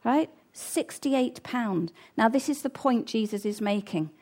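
A woman's voice: a little high, animated, measured pace, darkish tone. A woman preaching a sermon in an earnest, conversational way, breaking off for casual asides.

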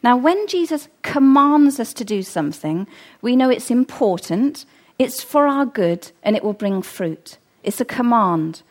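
A woman's voice: a little high, big pitch swings, unhurried. A middle-aged woman preaching a sermon, earnest and emphatic, repeating her key phrases.

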